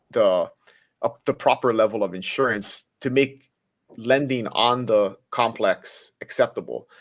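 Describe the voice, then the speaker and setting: A man on a real estate panel, explaining how insurance affects condo lending in a measured way. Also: on the low side. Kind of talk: explanatory discussion.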